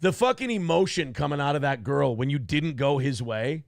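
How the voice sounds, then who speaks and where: A man co-hosting a podcast, telling a profane story in casual chat and acting out the shouting of the people he quotes. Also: on the high side, expressive, normal speed, vocal fry, no echo, studio quality. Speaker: podcast host.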